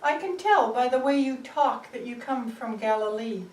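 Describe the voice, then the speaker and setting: A woman's voice: a little high, animated, moderate pace, close to an everyday voice. A woman voicing a suspicious man who asks pointed, probing questions, in a roomy space recorded from a distance. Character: suspicious man accusing a stranger. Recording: roomy, distant mic, faint ambience.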